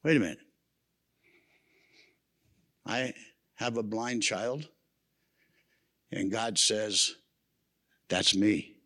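A man's voice: fairly low pitch, extremely slow, long pauses, sharp tone. A man preaching a sermon at a men's camp, telling stories in a folksy way with humorous asides. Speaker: camp speaker.

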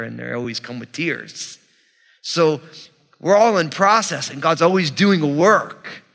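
A man's voice: fairly high pitch, bright, forceful tone, long reverb tail. A man preaching a sermon as pastor, teaching in a conversational way with asides to the congregation.

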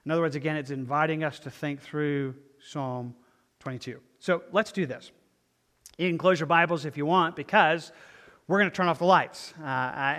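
A pastor preaching a sermon and reading scripture aloud, slow and reflective, letting his phrases fade softly at the ends. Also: on the high side. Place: church sanctuary with lights dimmed. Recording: long reverb of a church hall.

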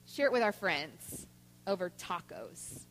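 A woman giving a Mother's Day talk in church, telling stories with lively voiced quotes. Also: fairly low pitch, slow, a little hiss or hum. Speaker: church speaker. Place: church sanctuary. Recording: long church hall reverb.

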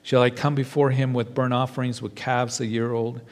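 A man's voice: medium pitch, little pitch movement, moderate pace. Man preaching in an echoing hall. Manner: reads scripture aloud, then explains it, with hesitant fillers. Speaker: pastor. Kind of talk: sermon. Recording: long hall reverb.

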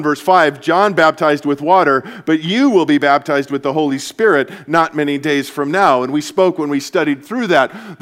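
A man preaching as a pastor to his church, earnest and energetic, dropping to a soft, hushed voice for comforting passages. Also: on the high side. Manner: earnest, shifts to soft hushed tones when quoting Jesus. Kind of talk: sermon. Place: church service.

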